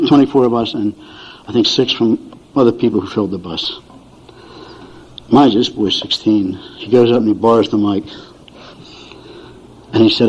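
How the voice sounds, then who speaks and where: An older man with a medium-pitched, darkish voice and a breathy edge tells folksy, chuckling stories to an audience at a recovery meeting, acting out his family's voices. The recording is dull and lo-fi.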